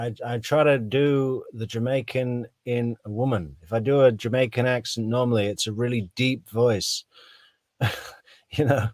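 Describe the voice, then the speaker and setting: A man's voice: lowish voice, dry recording, clean studio sound. A man giving casual, sarcastic true crime commentary to his viewers. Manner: sarcastic, mocking asides.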